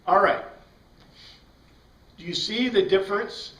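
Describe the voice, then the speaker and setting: A man's voice: sits high, slow pace, a bit bright. A man teaching a Bible class, explaining step by step and putting questions to his students. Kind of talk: classroom lecture. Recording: roomy sound from a distant mic.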